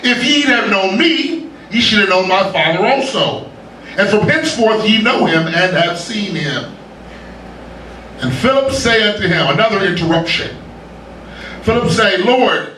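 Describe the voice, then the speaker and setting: A man preaching a lively sermon to his congregation, joking and drawing laughter, heard from a distance in a church. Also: high-pitched, measured pace, a little hiss or hum. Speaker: pastor. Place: church sanctuary. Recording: echoey church room from a distance.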